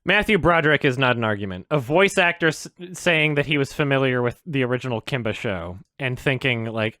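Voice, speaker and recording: A man hosting a reaction video, ranting in an exasperated, sweary way, swinging between loud outbursts and low sarcastic muttering. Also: lively intonation, a little fast, few pauses, no echo, clean studio sound. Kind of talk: ranting commentary.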